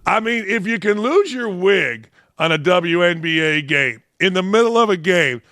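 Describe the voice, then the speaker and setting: A man's voice: high voice, animated, normal speed, pushed and bright, dry recording. A man hosting a sports talk show, giving brash, mocking, opinionated commentary.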